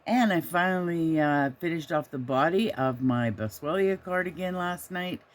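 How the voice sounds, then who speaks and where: A woman's voice: on the low side, normal speed. An older woman hosting a knitting vlog, chatting casually and rambling, sometimes talking fondly to her dog, recorded on a handheld camera inside a small trailer. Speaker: knitting podcast host.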